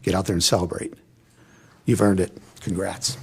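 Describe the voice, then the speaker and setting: A man's voice: sits low, flat delivery, moderate pace, vocal fry, heavy background noise. A man giving an emotional, folksy and encouraging commencement speech in a large hall. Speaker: commencement speaker.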